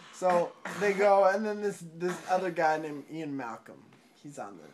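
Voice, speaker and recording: A man's voice: a little high, normal speed, noisy background. A drunk young man retelling a film in a rambling, swearing way, often laughing and tripping over his words.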